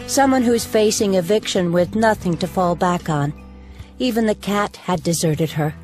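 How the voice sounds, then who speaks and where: A woman narrating an audiobook in a measured, even storytelling manner into a close mic. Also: fairly low pitch.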